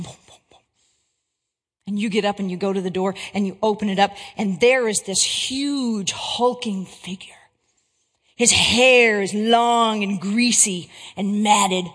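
High-voiced woman giving a christian talk, lively, keeps asking "right?", echoey hall. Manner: animated storyteller who keeps checking in with the audience. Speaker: Christian speaker and English teacher.

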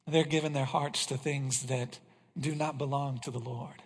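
A man's voice: on the high side, fairly even intonation, measured pace, slightly rough. A man preaching an earnest sermon that rises to fervent passages. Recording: long hall reverb.

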